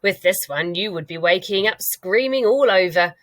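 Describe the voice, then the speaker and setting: A woman's voice: medium pitch, animated, normal speed, fairly bright tone, dry recording, close to an everyday voice. A woman voicing a big friendly old male giant who cries out in jumbled words. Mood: earnest.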